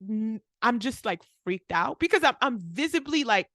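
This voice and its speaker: At normal speed and in a slightly high voice, a young woman pharmacist co-hosting a podcast recounts a story casually on a dry recording. Animated throughout, she acts out quotes and drops "like" frequently.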